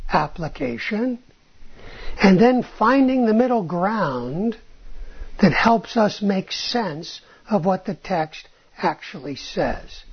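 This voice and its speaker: With a medium-pitched voice that has a breathy edge, a woman teaches rabbinic texts, asking rhetorical questions and checking in with "okay?" and "right?" The audio is dull and lo-fi.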